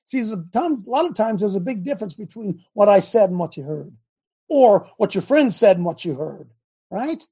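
A man hosting a call-in talk show, preaching with big swings from shouting to muttering. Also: normal speed, husky. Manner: animated, swings from loud shouting to low mutters. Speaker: host.

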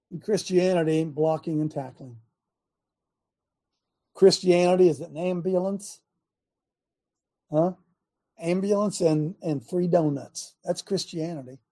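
A man hosting a talk show, preaching in a fiery monologue that shouts for emphasis. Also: fairly high pitch, takes it slowly, pauses often.

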